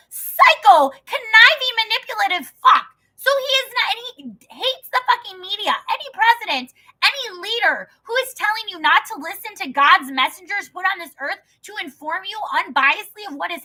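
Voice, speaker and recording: High, bright-voiced woman ranting and reading. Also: low-quality recording. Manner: profane, heated ranting; slower, measured scripture reading. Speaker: host reading scripture with commentary. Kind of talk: casual ranting commentary and Bible reading.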